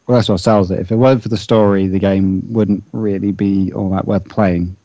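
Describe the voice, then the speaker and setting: Low, mellow man with dry humor. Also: fairly even intonation, moderate pace, dry recording, muffled recording. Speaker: podcast co-host. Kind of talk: casual gaming chat.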